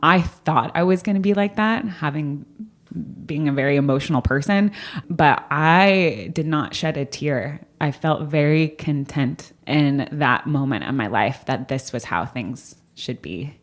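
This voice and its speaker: A young woman, a guest on a podcast, telling a personal story in casual chat, animated, laughing often and acting out quotes. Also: deep voice, measured pace.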